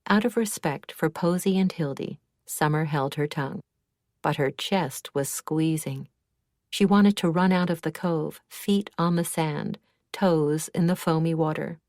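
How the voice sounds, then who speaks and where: Woman narrator, lowish voice, dry close sound, measured reading. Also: a little mellow, no room sound. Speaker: audiobook narrator. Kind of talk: scripted narration.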